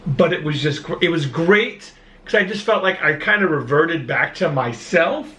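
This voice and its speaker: A man's voice: fairly high pitch, expressive, normal speed, sharp tone, a little hiss or hum. A man from Brooklyn with a New York accent, co-hosting a podcast in casual, self-mocking chat with loose restarts. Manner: chatty, self-mocking, laughs easily, loose rambling restarts. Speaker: podcast co-host. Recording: roomy echo with faint ambience.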